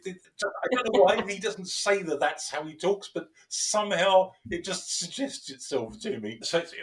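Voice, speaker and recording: Chuckling, animated man discussing books. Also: fairly high pitch, recorded from a distance. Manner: animated and chuckling, restarts often. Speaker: podcast co-host, lecturer. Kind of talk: conversational discussion.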